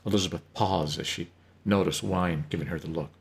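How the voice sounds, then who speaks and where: A man narrating a story in an unhurried reading, with occasional slips. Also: low voice, fairly even intonation, vocal fry.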